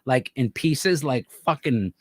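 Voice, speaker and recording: A man's voice: mid-range voice, animated, slow, no echo. A man hosting a podcast, telling a wild story in casual, profane chat. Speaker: podcast host.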